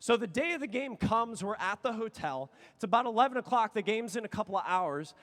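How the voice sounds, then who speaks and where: A man in his thirties, a youth conference speaker telling a story with excitable energy and sudden shouts. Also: sits high, a little fast. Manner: excitable, animated, bursts into shouts. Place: large conference hall. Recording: long reverb of a big hall.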